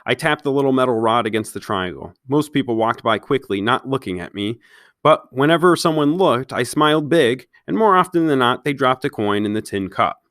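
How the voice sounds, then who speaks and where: A man's voice: medium pitch, animated, a bit bright, no room sound, studio quality. Man reading a children's novel aloud. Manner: pauses to question listeners directly. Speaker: read-aloud storyteller.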